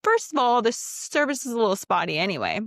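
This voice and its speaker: A woman podcast host telling a personal story in a casual, animated and profane way, acting out the quotes, on a close mic. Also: a little high, fast, no room sound.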